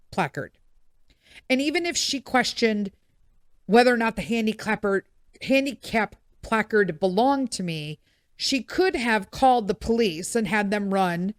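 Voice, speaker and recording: A middle-aged woman hosting a podcast, telling a story in a blunt, swearing, animated way. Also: mid-range voice, no room sound, studio quality. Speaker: podcast host. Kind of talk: casual storytelling monologue.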